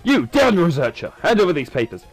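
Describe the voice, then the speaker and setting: A man's voice: high-pitched, big pitch swings, a little fast, soft background music. A man voicing a taunting male villain thug from a video game, impatient and sneering.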